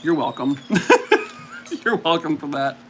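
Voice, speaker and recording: A man's voice: on the high side, animated, slow pace, fairly bright tone, a little hiss or hum. A man hosting a casual livestream, chatting and mocking himself as he reacts to viewer comments. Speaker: livestream host.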